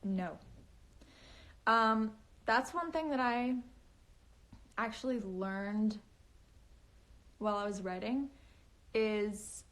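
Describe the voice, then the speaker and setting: A woman's voice: medium pitch, extremely slow, pauses often, a bit bright. A young woman chatting casually on a phone live stream, giggling often and speaking in a valley-girl lilt full of fillers. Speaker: livestreaming author.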